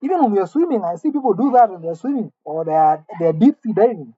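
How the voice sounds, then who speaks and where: Woman, husky voice, mock-serious indignant rant, halting with repeated words, dull lo-fi recording. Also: medium pitch, animated. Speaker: comedic vlogger.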